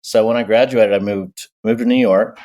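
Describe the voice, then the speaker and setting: A man in his forties from Texas, an agency co-founder telling his story in a relaxed interview over a video call. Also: on the low side, moderate pace. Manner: easygoing, storytelling, self-deprecating. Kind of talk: casual interview talk. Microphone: remote video call.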